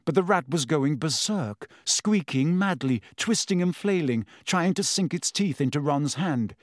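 Slow, measured male audiobook narrator. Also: on the high side, dry recording, clean studio sound. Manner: measured, steady storytelling. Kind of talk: scripted narration.

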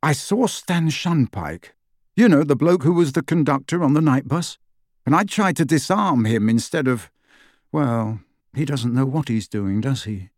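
A man's voice: mid-range voice, expressive, measured pace, no echo, clean studio sound, natural voice. A man voicing an earnest teenage boy who talks hesitantly.

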